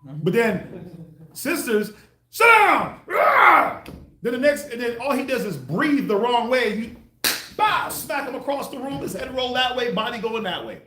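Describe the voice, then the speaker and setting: A man preaching with a high voice that swings wide in pitch. He keeps breaking into loud acted-out quotes, and the room around him is echoey. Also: moderate pace, a little hiss or hum. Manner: animated, acts out quoted voices with loud bursts. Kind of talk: street sermon teaching.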